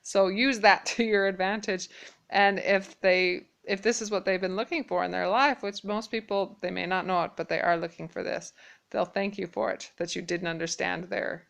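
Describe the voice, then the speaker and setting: A woman teaching a casual Mandarin lesson, patiently repeating phrases slowly and clearly. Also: medium pitch, steady tone, fairly bright tone. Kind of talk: casual spoken language lesson.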